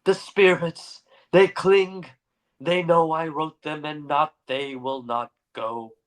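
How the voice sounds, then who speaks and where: A man voicing a delirious, dying male poet with a trembling, rasping voice, speaking slowly and pleadingly in a dramatic story reading. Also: on the high side, fairly even intonation, voice pushed up. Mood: haunted.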